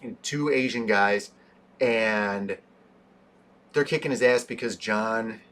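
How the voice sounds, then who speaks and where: A man co-hosting a casual movie review chat, animated, often acting out scenes in quoted voices. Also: on the low side, slow. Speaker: podcast co-host.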